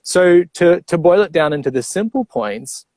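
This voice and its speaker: A man coaching on breathing, explaining step by step in a clear, teacherly way and checking in with the listener as he goes. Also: sits high, animated, normal speed, a little mellow, no echo. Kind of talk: explanatory interview talk.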